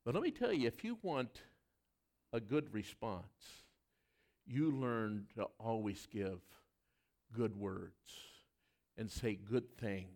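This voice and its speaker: A man preaching a sermon, asking the congregation questions and dropping from loud emphatic lines to hushed asides. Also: lowish voice, animated, takes it slowly, long pauses. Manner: asks the congregation questions directly. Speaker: pastor.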